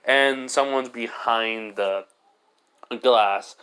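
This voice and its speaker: A man's voice: mid-range voice, extremely slow, bright, forceful tone, clear, resonant tone. A man narrating an improvised fan story, rambling with many fillers and restarts.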